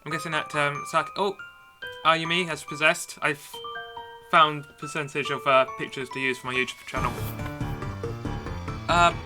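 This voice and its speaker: A woman's voice: sits low, fairly even intonation, normal speed, pauses often. A woman streaming a horror game, chatty and sarcastic in casual commentary. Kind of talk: casual let's-play commentary. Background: game music.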